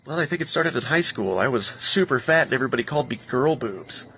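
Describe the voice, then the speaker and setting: A man's voice: mid-range voice, lively intonation, fast, vocal fry, a bit bright, a little hiss or hum. A man playing a touchy young male therapy patient in a comedy skit, defensive and accusing.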